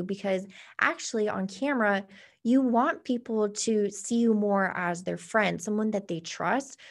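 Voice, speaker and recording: A woman talking straight to camera, teaching on-camera speaking tips in a casual instructional way, with lively inflection and deliberate pauses. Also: medium pitch, gravelly. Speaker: online presenter giving on-camera tips. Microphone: camera facing the speaker.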